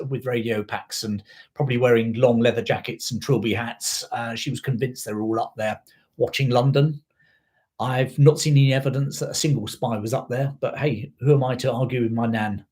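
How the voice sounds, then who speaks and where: Man, middle-aged, history host, casual rambling chat, digressive, chatty storyteller, raised in South Africa. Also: medium pitch. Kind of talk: casual live-stream chat.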